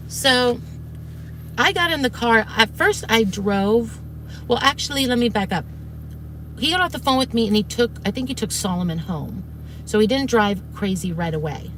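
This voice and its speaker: A woman's voice: medium pitch, a little hiss or hum. Rambling woman telling a story. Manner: rambling, frequent restarts and fillers, swears when heated. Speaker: streamer recounting events. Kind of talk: casual storytelling to viewers.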